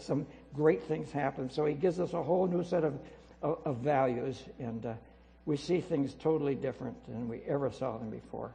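A man preaching a sermon as pastor, emphatic and repetitive, swinging between loud declarations and quiet asides. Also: mid-range voice, normal speed, gravelly. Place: church sanctuary. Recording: reverberant hall with mains hum.

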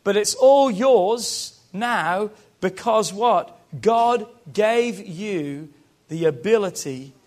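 British man, pastor, high voice, rousing sermon, call-and-response with the congregation. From Britain. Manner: rousing, calls the congregation to repeat after him.

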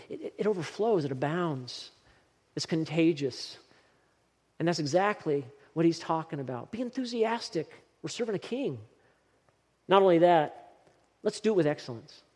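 A man's voice: fairly high pitch, mellow. A male pastor preaching a sermon in a church, driving his points home with short, repeated exhortations. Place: church sanctuary. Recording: long reverb of a hall.

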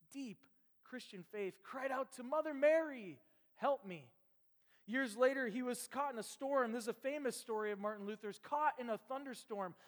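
A man preaching a sermon as pastor, telling stories with a joking, lively manner. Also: extremely high pitch. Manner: lively, jokey storytelling. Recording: long hall reverb.

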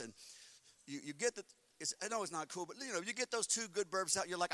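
A man preaching a sermon as pastor, swinging between quiet talk and shouting, and telling funny stories with acted-out inner voices. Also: sits high, quick pace, no echo.

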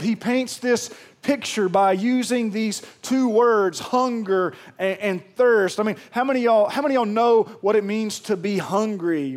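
A man preaching a sermon, telling funny stories and calling on the congregation to join in. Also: high voice. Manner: humorous, storytelling, engages congregation. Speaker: pastor.

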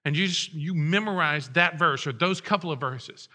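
A man's voice: a little high, normal speed, bright, forceful tone. A middle-aged man preaching a sermon as pastor, conversational and joking with his congregation.

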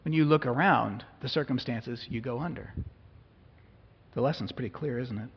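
Pastor guy preaching, kinda husky, chatty, keeps asking the crowd stuff, echoey hall. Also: mid-range voice, moderate pace. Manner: conversational, asks the congregation questions. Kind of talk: sermon. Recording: echoey hall, dull lo-fi sound.

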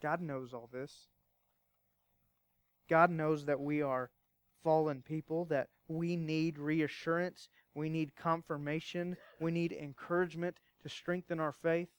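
A man pastor preaching a sermon, emphatic at times and hushed at others, asking rhetorical questions. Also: fairly high pitch, fairly even intonation, measured pace, smooth, no echo.

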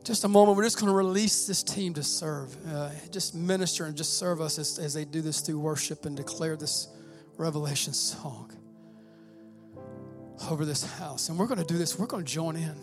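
A man preaching a fervent sermon as pastor, often saying "man" and swelling loud when he reads scripture. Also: on the high side, moderate pace, over music.

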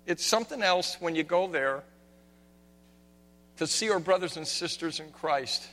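A man preaching a sermon, swinging from hushed, quiet lines to loud, shouted ones. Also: fairly high pitch, unhurried. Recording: long reverb of a hall, faint hum.

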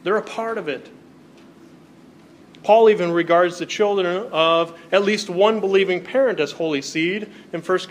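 Preaching to his congregation, a male pastor speaks in a high voice against slight background noise. He reads Bible verses aloud and follows each with an explanation.

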